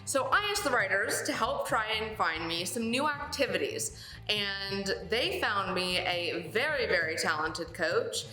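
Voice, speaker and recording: A woman's voice: mid-range voice, lively intonation, unhurried, sharp tone. A young woman in her twenties, a show host, talking playfully in a comedy sketch. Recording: echoey room, faint music behind.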